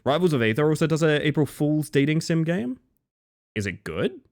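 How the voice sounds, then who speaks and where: A man's voice: a little high, sing-song, normal speed, darkish tone. An Australian man chatting casually and swearing while streaming a game. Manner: chatty, swears, chants silly words while playing. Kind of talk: casual live-stream gaming commentary.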